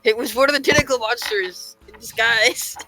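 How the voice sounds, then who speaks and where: Bright, high-voiced man joking at the table. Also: steady tone, soft background music, low-quality recording. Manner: joking, quick asides. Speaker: player. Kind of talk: tabletop game banter.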